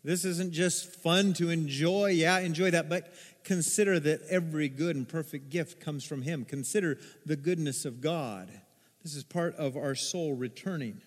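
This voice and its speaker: A man preaching a sermon as pastor, telling stories with animated acted-out voices. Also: a little high, normal speed. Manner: animated storytelling, acts out voices in quotes. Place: church sanctuary. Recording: long hall reverb.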